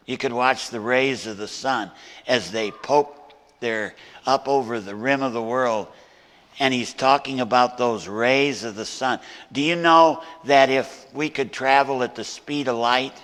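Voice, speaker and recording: A man preaching a sermon as a guest pastor in a church, moving between hushed storytelling and loud, emphatic preaching. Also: mid-range voice, measured pace, big-room sound. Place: church sanctuary.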